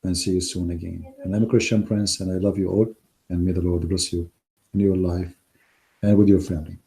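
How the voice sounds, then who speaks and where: Hoarse, emphatic man with a dark voice. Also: deep voice, level tone, brisk. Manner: emphatic, scornful, non-native grammar. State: hoarse, losing his voice. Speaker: online Christian debater. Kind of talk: polemical talk to a live audience.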